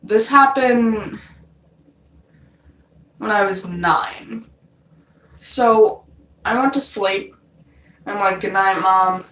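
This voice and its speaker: A woman's voice: mid-range voice, very slow, long pauses, a bit bright, slight background noise. A young woman telling a dream story in a loose, casual way, swearing often and leaning on fillers. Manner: loose and profane, many fillers. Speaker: vlogger. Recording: roomy, from a distance off mic.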